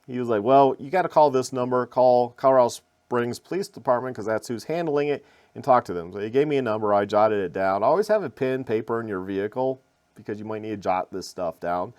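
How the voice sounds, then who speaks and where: A man's voice: mid-range voice, fairly quick, darkish tone, smooth. A man in a casual, rambling vlog retelling a road crash. He repeats words, restarts sentences and adds wry asides. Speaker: vlogger recounting a crash. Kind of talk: casual storytelling to camera.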